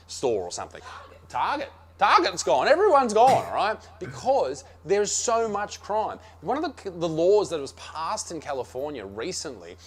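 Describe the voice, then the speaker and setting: An Australian man delivering a comedic rant about his travels, brash and sarcastic, swearing freely. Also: a little high. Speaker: comedian reviewing America. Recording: played from another video.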